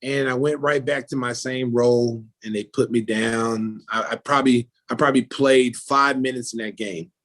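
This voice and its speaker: A man's voice: normal speed, hardly any pauses. A middle-aged American man, a former basketball player turned announcer, telling stories in a casual interview and acting out the people in them. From United States. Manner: animated storyteller, acts out quoted people with jumps in pitch and loudness.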